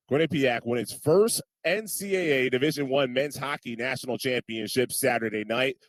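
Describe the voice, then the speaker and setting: A man anchoring a sports news roundup, reading scripted highlights in a brisk, even delivery. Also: no room sound.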